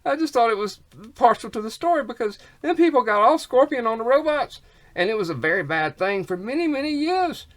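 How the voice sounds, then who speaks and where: The vlogger talks a little fast in an expressive, medium-pitched, fairly bright voice. His rambling monologue features repeated words, bursts of rhyming wordplay, and folksy slang, and he sounds snotty with a cough.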